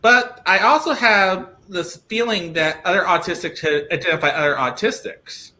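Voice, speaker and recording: A man speaking as a guest in a live online interview, with a bright, somewhat high voice. He restarts his sentences often while looking for the right words. He comes through a video call. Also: moderate pace. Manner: restarts sentences, talks loudly by his own account.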